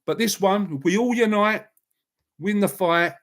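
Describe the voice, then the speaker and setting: A man's voice: high-pitched, a little slow, fairly bright tone. A man hosting a casual live chat, talking bluntly in a rambling way and answering viewers by name. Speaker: livestream host.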